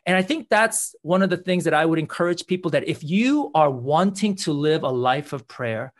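An earnest man, a guest in an interview, tells a personal story. He often breaks off and starts his sentences again. His voice sits a little high. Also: animated, normal speed. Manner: earnest, with many restarts.

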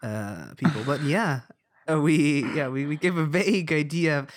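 A man's voice: a little high, moderate pace. A man co-hosting a podcast in casual banter, easygoing, laughing often and trailing off mid-sentence. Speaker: podcast co-host.

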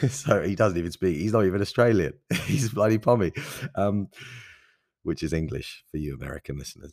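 A man in his thirties with a very deep, husky voice, recorded dry on a close mic. He hosts a solo podcast and talks in an earnest, easygoing, enthusiastic way. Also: a little fast, darkish tone, no echo. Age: 30s. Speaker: podcast host.

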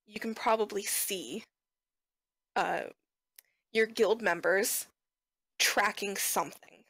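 A woman running a tabletop game as game master, setting scenes in a measured, descriptive way. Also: medium pitch, fairly bright tone, slightly rough, no echo, low-quality recording.

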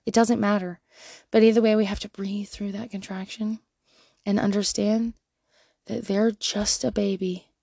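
A woman in her thirties, a mother giving frank, profane parenting advice in a candid monologue. She laughs often and swings from quiet asides to loud bursts. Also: medium pitch, little pitch movement, moderate pace, creaky, no room sound, clean studio sound.

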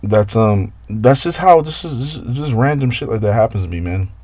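A man rants casually to camera, profane and exasperated, his voice leaping high and dropping low as he talks. He has a mid-range voice, and the recording is dry and close with no room sound. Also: expressive, normal speed, darkish tone, no echo. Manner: profane, exasperated storytelling with big swings in pitch.

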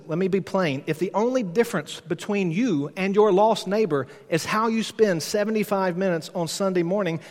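A pastor preaching an expository sermon, his fairly high voice ringing through a church with a long reverb. He presses hard on key lines and slows them down for weight. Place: church sanctuary.

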